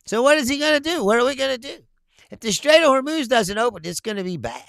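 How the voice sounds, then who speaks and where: A man's voice: very high voice, sing-song, fast talker, gravelly, a bit bright, no room sound. A man hosting a political commentary show, talking bluntly with lots of swearing and frequent laughter. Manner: laughs often, blunt and profane. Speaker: host.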